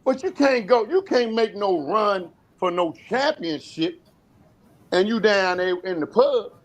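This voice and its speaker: A middle-aged man with a high voice talks trash in a casual sports chat. He brags and teases, stumbles over repeated words and breaks into laughter as he goes. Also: lively intonation, a little slow. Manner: boastful teasing, repeats words, laughs often. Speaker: guest, former college basketball player.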